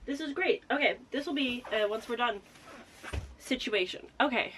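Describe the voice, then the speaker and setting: A young woman chatting casually as a book vlogger, excitable and laughing often, a little out of breath. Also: fairly high pitch, normal speed, slight background noise. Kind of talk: casual vlog chat.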